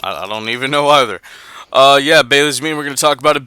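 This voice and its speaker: A man co-hosting a casual wrestling podcast, excitable, reading listener messages aloud. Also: medium pitch, fast talker, clean tone, no room sound. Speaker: podcast co-host.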